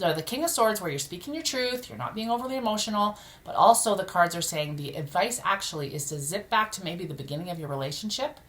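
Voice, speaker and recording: A middle-aged woman talks through a tarot spread in a casual, blunt way, often breaking off to exclaim at the cards. Her voice sits a little low for a woman but sounds bright and forceful. She is recording at home in the middle of a move. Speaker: tarot reader. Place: home room during a move.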